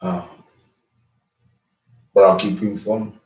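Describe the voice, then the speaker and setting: A man's voice: low-pitched, flat delivery, slow, a little mellow, low-quality recording. A man talking as an astrologer, rambling through a casual lecture with many fillers and restarts. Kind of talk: casual lecture and phone call.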